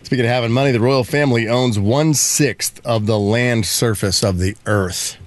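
A man's voice: medium pitch, moderate pace. A man co-hosting a radio show, chatting loosely and joking, with lots of filler words. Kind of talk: casual radio banter.

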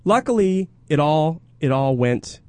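A man telling a comedic story in casual chat, animated and jumping into exaggerated high voices when quoting people. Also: unhurried, dry recording.

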